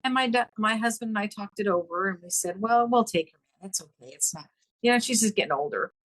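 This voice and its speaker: A woman's voice: fast, no room sound, rough recording. A middle-aged woman telling a personal story in a podcast interview, acting out the dialogue with sudden jumps in her voice. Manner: animated, acts out quoted dialogue with pitch leaps. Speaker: podcast guest. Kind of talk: emotional storytelling in conversation.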